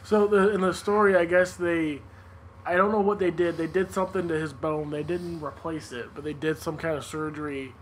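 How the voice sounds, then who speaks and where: A man's voice: fairly high pitch, fairly even intonation, a little fast, a little hiss or hum, low-quality recording. A man hosting a podcast, recounting news in loose, casual chat with frequent laughter and swearing. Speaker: podcast host.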